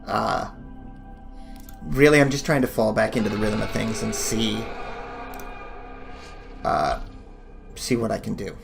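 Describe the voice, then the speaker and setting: Rambling, gravelly-voiced man gaming. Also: fairly low pitch, unhurried, pauses often, over music. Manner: rambling, jokey and self-deprecating. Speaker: gaming channel host. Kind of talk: casual gameplay commentary. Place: home office.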